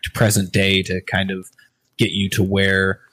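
A man's voice: deep voice, monotone, a little slow, fairly bright tone, breathy edge. A man co-hosting a podcast in casual chat, rambling loosely and swearing casually. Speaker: podcast co-host.

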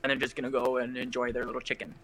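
A man's voice: mid-range voice, monotone, very fast, a bit bright, faint music behind. A man who is a film critic, guesting on a podcast in casual chat and talking with gushing enthusiasm.

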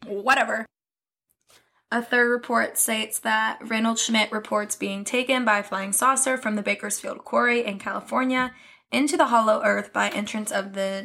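A woman's voice: fairly high pitch, fairly even intonation, normal speed, creaky, sharp tone. A young woman co-hosting a podcast in casual chat, chatty and often laughing. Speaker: podcast co-host.

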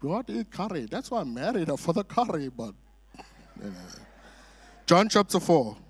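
With a husky, sing-song voice pitched a little high, a middle-aged man guest preaches in a church sanctuary at normal speed. His sermon is full of jokey stories, chatty asides and frequent "uh" fillers.

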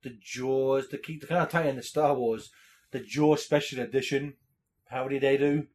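A man's voice: mid-range voice, fairly even intonation, normal speed, a little mellow. A man co-hosting a casual podcast chat about movies and shows, laughing often and acting out quotes. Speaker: podcast co-host.

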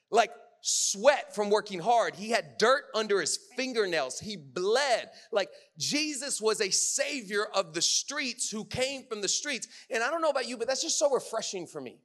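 A man preaching a sermon in a casual, conversational way, full of fillers, swinging from loud bursts to hushed lines. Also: high voice, sing-song, measured pace.

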